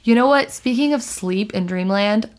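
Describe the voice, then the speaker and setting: A woman hosting a podcast, telling stories in a chatty, animated way full of "like" fillers. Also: medium pitch, moderate pace. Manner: chatty storyteller, lots of "like" fillers, animated retelling. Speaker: podcast host. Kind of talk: casual chat.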